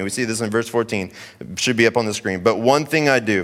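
A man in his thirties preaching a sermon, telling a family story in a lively, conversational way. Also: mid-range voice, normal speed. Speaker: pastor.

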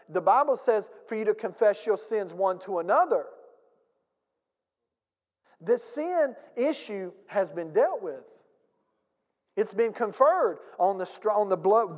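A man preaches from the pulpit with a notably high-pitched voice, pushing hard on key lines and having the congregation repeat phrases back to him. His voice trails into a long reverberant tail that fills the church sanctuary. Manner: emphatic preaching with audience call-and-response and acted-out anecdotes. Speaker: pastor. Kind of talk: sermon.

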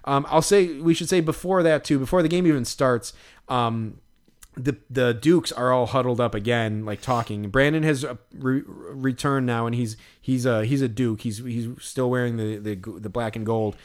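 A man's voice: mid-range voice, steady tone, moderate pace. A man co-hosting a podcast, chatting casually and rambling, with lots of "like" and fillers, acting out what people said. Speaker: podcast co-host recapping a show. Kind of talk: casual chat.

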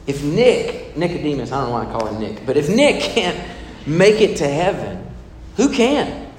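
A man's voice: a little high, big pitch swings, normal speed. A man preaching a sermon in a conversational way, asking the congregation questions. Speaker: pastor. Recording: echoey hall with long reverb, faint room noise.

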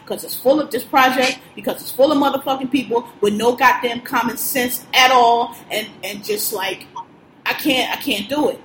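High-voiced woman ranting profanely. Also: a bit bright, slight background noise. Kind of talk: casual chat, venting. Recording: echoey room.

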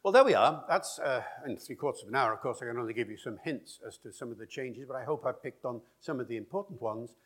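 A man's voice: mid-range voice, lively intonation, quick pace, few pauses, husky. A man giving a public lecture on language, acting out speech rhythms as he talks. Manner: demonstrates speech rhythms aloud.

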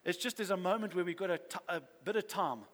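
High-voiced man preaching in a reverberant church. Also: fast talker, a bit bright. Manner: earnest, rising to fervent exhortation. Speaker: pastor. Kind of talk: sermon. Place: church hall. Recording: long reverb of a church hall.

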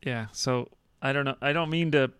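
A man's voice: medium pitch, fairly even intonation, normal speed, a bit bright, smooth, no room sound. A man co-hosting a podcast in casual chat, rambling and joking with a lot of swearing. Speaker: podcast co-host.

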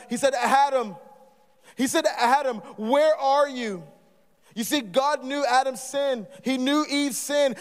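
A man preaching a live sermon as guest speaker, passionate and emphatic, swinging between urgent calls and quieter asides. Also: very high-pitched, smooth. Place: church or student ministry hall. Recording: live in a large reverberant hall.

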